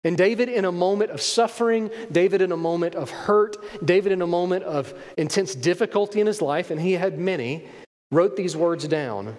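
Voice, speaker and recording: A man's voice: high voice, moderate pace, a little mellow, in a large hall. A man in his thirties preaching a conversational sermon as pastor, acting out quoted voices.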